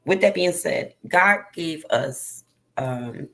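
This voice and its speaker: A woman's voice: on the low side, expressive, takes it slowly, sharp tone. A middle-aged woman telling viewers an emotional personal story in an earnest, direct way, as a vlogger.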